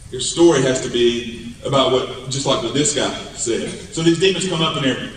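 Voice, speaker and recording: Male preacher, animated sermon storytelling; roomy hall reverb, faint background noise. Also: medium pitch, moderate pace, distant mic. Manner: animated storytelling, rising to emphatic peaks. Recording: echoey hall, mic from afar.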